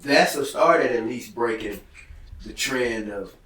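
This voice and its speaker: A man's voice: medium pitch, unhurried, a bit bright, recorded from a distance. A man reflecting thoughtfully in a casual conversation. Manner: reflective, agreeing. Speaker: host. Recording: echoey room from afar, faint noise.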